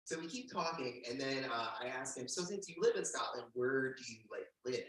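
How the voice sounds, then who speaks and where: A man in his forties from the United States, a stand-up comedian telling a profane, animated story at a live storytelling show. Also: mid-range voice, a little fast, a little hiss or hum. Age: 40s. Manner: animated, profane, breaks into laughter. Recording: echoey room, mic at a distance.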